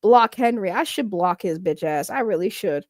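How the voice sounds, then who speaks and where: A woman's voice: mid-range voice, animated, darkish tone, dry recording, clean studio sound. A woman livestreamer chatting casually and brashly, swearing and laughing as she answers her chat. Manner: brash, profane, quick to laugh, reacts to chat.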